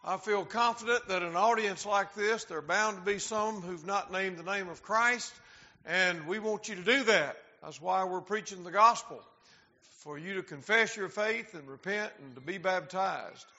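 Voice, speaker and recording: A man preaching a sermon, talking directly to the congregation and slowing down to stress key words. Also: high-pitched, bright, forceful tone. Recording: dull lo-fi sound.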